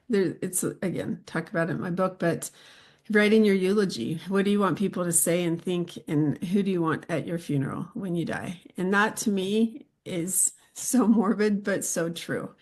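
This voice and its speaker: A woman's voice: fairly low pitch, normal speed. Middle-aged woman host, easygoing anecdotes. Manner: relaxed, rambling anecdotes with laughs. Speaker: podcast host. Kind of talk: casual chat.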